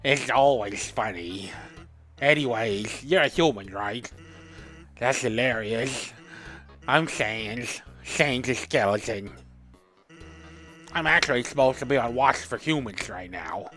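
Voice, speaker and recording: A man's voice: mid-range voice, slow, long pauses, soft background music, pitched below the performer's own voice. A man voicing a lazy, laid-back skeleton who jokes easily. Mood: easygoing. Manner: relaxed, joking, easygoing.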